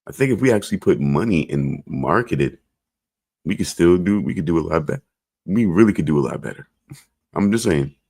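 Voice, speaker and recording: A man with a very low voice chats loosely on a podcast. He rambles and circles back, tossing in jokes and little asides as he goes. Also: expressive, brisk, mellow, slightly rough. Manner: rambling, joking, repeats "I'm just saying". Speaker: podcast co-host. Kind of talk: casual chat.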